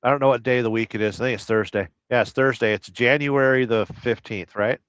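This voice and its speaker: Rambling middle-aged man, crude and smooth-voiced. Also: medium pitch, brisk, a bit bright, no echo. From Southern California. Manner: rambling and crude, hums nonsense syllables between comments. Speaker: truck driver live-streamer. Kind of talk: casual live-stream chat reading viewer comments. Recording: slightly dull lo-fi sound.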